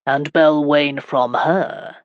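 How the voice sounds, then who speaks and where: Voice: mid-range voice, fairly even intonation, slow pace, dry recording, muffled recording, close to an everyday voice. Brief: narrator as a stern, commanding medieval knight lord for an audiobook; firm orders, dry close sound. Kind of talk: audiobook character reading.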